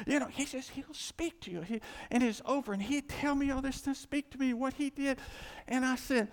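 A man preaching a casual, animated sermon, full of asides and acted-out dialogue. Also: very high-pitched, normal speed. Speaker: pastor. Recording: church hall with long reverb.

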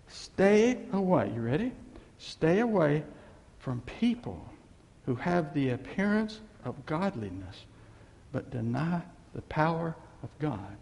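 A male pastor preaching an animated sermon, swinging between loud exclamations and low murmurs, in a reverberant church hall. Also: measured pace, vocal fry.

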